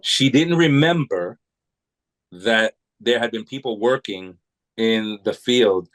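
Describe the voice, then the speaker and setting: A man's voice: lowish voice, expressive, takes it slowly, a bit bright, low-quality recording. A man from New England, a podcast guest, telling long rambling anecdotes with many restarts in a casual way. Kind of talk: casual storytelling.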